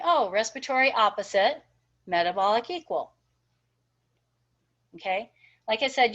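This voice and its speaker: A woman's voice: medium pitch, a bit bright. A woman teaching a nursing class, encouraging and checking in with her students often. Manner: encouraging, checks in with frequent "okay?" and "right?". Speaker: nursing instructor. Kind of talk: recorded class lecture. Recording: dull lo-fi lecture recording.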